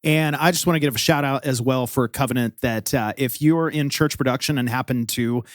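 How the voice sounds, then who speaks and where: A man's voice: mid-range voice, fairly quick, no echo, studio quality. A man co-hosting a podcast in friendly, playful casual chat. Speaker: podcast co-host.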